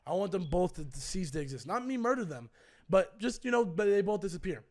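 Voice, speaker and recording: Animated young man telling a story. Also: high-pitched, fairly quick. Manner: animated retelling that acts out both sides with swearing. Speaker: streamer and co-host. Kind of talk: casual storytelling on a stream.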